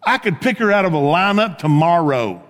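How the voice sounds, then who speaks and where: A man preaching a sermon as pastor, telling stories in a conversational way and dropping to a hush on key points. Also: high-pitched, normal speed, long reverb tail. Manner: conversational storytelling preacher, swings from animated to hushed.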